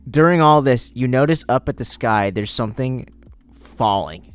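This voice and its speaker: A man's voice: mid-range voice, expressive, moderate pace, smooth. A man narrating a tabletop game as game master in a laid-back, joking way. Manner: laid-back, laughing, swearing. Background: faint music.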